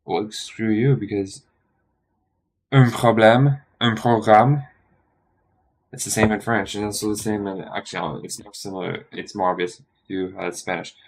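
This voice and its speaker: Gravelly low-voiced man muttering while studying. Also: steady tone, measured pace. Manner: muttering to himself, self-correcting. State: tired and yawning. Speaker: streamer studying a language. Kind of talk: casual think-aloud study stream.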